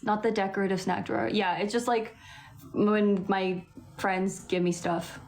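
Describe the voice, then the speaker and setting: A woman's voice: medium pitch, fairly even intonation, unhurried, darkish tone. A young woman from Vancouver with a West Coast Canadian accent, chatting casually on a livestream and answering viewer comments, laughing often and saying "like" a lot. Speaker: livestream host.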